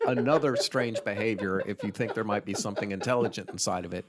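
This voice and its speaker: A man's voice: fairly low pitch, fast talker, very noisy. A man co-hosting a comedy podcast, casually telling a strange story and reading quotes from his notes while laughing along with friends.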